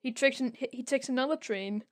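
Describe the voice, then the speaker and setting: A woman's voice: high-pitched, a little fast. A young woman recapping a comic on a casual podcast, rambling with lots of filler words. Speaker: podcast co-host.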